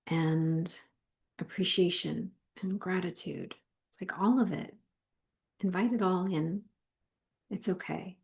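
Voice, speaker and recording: A woman co-hosting a spiritual session, talking in a calm, measured way. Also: fairly low pitch. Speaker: co-host and spiritual teacher. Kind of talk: spiritual talk.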